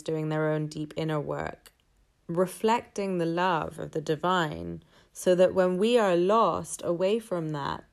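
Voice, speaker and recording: A woman's voice: on the low side, gravelly. A woman telling a personal story in a candid, rambling, reflective way.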